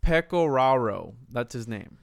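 A man's voice: medium pitch, very animated, a little slow, gravelly, dry recording, clean studio sound. A man casually retelling a haunting case on a podcast, loose and profane, with frequent restarts.

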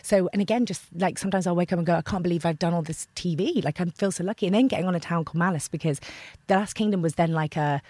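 Fast-talking woman, animated and chatty. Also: lowish voice, no room sound. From Lincoln, England. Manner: animated, heavy use of filler "like". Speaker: actor as guest. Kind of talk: casual interview chat.

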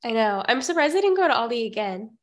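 Chatty young woman, slightly high voice. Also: very animated, fast talker. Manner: chatty, laughing, trails off mid-sentence. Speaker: podcast co-host. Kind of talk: casual snarky chat.

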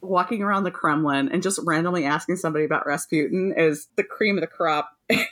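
Fast-talking and low-voiced, this female podcast co-host tells a story during a casual chat, with frequent laughter and profanity in her lively delivery.

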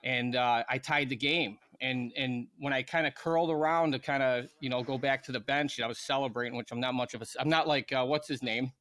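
A man's voice: mid-range voice, steady tone, brisk, hardly any pauses, bright, forceful tone. A man in his thirties, a former pro hockey player, casually telling a rambling story on a podcast with lots of fillers and laughter.

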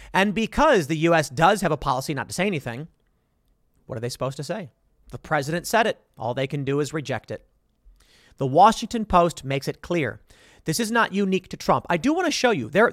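A man's voice: on the high side, dry recording, studio quality. Sarcastic, emphatic male news commentator. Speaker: commentary show host. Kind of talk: political news commentary, reading headlines.

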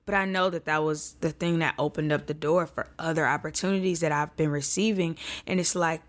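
A woman hosting a faith podcast, talking casually and with deep feeling, speaking straight to her listeners and often near tears. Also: fairly even intonation, fairly quick. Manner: casual and heartfelt, talks straight to listeners as "y'all". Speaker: podcast host. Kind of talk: faith encouragement podcast talk.

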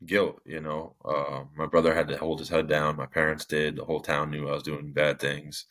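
Man, very deep low voice, casual rambling storytelling, podcast guest. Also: level tone, normal speed, fairly bright tone. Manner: casual, rambling, with many fillers and restarts. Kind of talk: candid personal storytelling.

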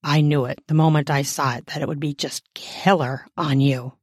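A woman voicing a bossy, bookish woman professor in an audiobook, talking low and dry. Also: steady tone, moderate pace, darkish tone, dry recording. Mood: grumbling. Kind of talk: audiobook character voice.

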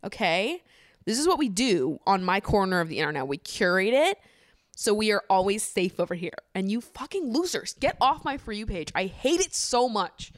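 A young woman hosting a casual solo podcast, ranting in an opinionated, profane, animated way with bursts of laughter. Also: mid-range voice, normal speed, no room sound, clean studio sound. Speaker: podcast host.

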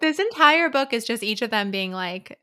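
A woman's voice: animated, normal speed, bright, forceful tone. A woman co-hosting a book podcast, chatting casually and laughing often as she acts out lines from the book. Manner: laughs often, quotes characters in lowered voice. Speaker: podcast co-host.

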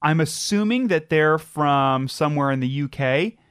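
A podcast host chatting casually and reading a story aloud, excitable and rambling, often cutting off their own sentences. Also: medium pitch, moderate pace, clean tone, no room sound, studio quality. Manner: excitable, rambling, self-interrupting.

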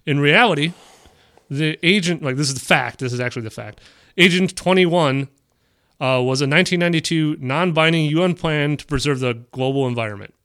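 A man's voice: fairly high pitch, fairly quick, a bit bright. A man co-hosting a casual podcast, reading conspiracy stories aloud and adding dry asides. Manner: reads quotes aloud, then adds dry asides.

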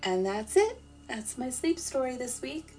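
A woman narrating a playful, deadpan comic sleep story in the first person. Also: high-pitched, measured pace, soft background music. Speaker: podcast storyteller.

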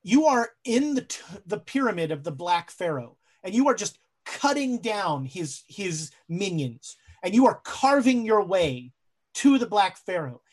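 A woman narrating a horror tabletop game as game master, slow and dramatic, with halting fillers as she searches for words. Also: mid-range voice, big pitch swings, darkish tone, breathy edge.

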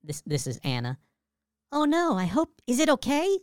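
A man putting on a high falsetto to voice a sweet, eager young woman ghost who is an actress. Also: wildly swooping pitch, normal speed, clean tone, dry recording, studio quality, exaggerated voice. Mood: worried.

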